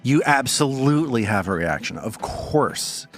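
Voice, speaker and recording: A man's voice: mid-range voice, lively intonation, unhurried, soft background music. A man running a tabletop game as game master, narrating the action dramatically.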